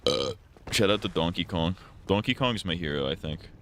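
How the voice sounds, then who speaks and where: A man's voice: low-pitched, lively intonation, fairly quick, a bit bright, slight background noise. A young man streaming a game, joking, swearing and rambling in casual crude commentary. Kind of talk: crude live gaming commentary.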